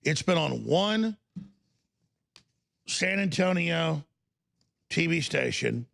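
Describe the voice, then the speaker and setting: Gravelly ranting talk show host. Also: male voice, on the high side, fairly bright tone. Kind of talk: political talk show rant.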